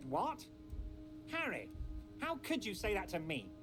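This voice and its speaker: A man's voice: high voice, wildly swooping pitch, measured pace, full character voice. An actor playing a jovial, scheming male union boss in a video game, with a fawning, theatrical manner. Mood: indignant. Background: game music.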